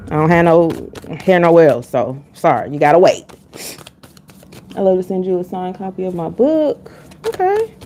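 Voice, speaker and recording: A woman's voice: medium pitch, warm tone, slight background noise. Blunt, chatty woman tarot reader. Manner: candid and blunt, chatting with chat between readings. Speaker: tarot reader hosting a live stream. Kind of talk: casual live-stream chat with viewers.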